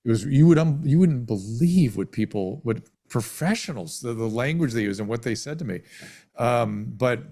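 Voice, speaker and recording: A man around seventy, a physician, telling his story in an interview, halting with many restarts and self-corrections. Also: medium pitch, lively intonation, creaky, mellow. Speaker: physician guest.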